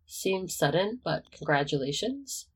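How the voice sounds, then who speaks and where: A reader voicing a calm, wry young man in a storybook reading, dry and measured. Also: mid-range voice, husky.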